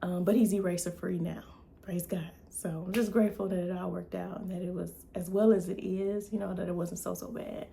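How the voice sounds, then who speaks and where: A woman vlogger and mother casually retelling a story to her camera in a chatty, animated way. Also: on the low side, brisk, vocal fry, few pauses, a little hiss or hum.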